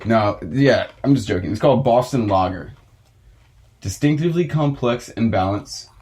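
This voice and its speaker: A man's voice: medium pitch, animated, moderate pace, a little mellow, slightly rough. A young man hosting a casual podcast chat, ranting and swearing with frequent laughs. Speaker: podcast host.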